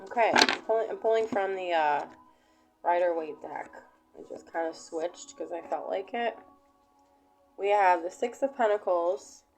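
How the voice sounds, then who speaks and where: A woman giving a casual collective tarot reading to camera, talking in an unhurried, rambling way with many fillers. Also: lowish voice, faint music behind, rough recording. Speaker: tarot reader.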